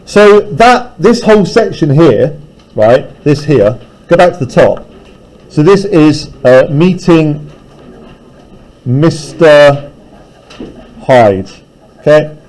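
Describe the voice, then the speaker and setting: Male teacher, lively and animated, reading to a class and explaining as he goes. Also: fairly high pitch, takes it slowly, pauses often, rough recording. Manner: reads aloud, then paraphrases casually.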